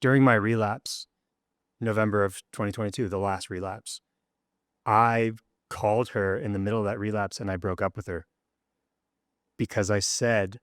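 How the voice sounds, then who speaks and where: A man's voice: steady tone, moderate pace, no echo, studio quality. A man, a rock drummer as guest, telling his story candidly and with emotion, acting out the people he quotes. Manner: emotional, acts out quoted dialogue with rising pitch.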